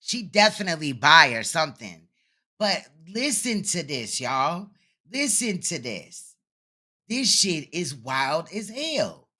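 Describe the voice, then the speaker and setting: A man's voice: on the high side, sing-song, slow, pushed and bright. A man hosting reaction commentary, sounding incredulous and firing off rhetorical questions. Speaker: commentary host.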